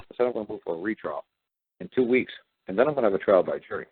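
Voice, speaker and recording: A deep, husky man hosts a talk show and tells his story in a blunt, combative way. The sound is thin and tinny, like a phone line. He strings his points together with repeated "I said". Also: expressive, quick pace, no room sound.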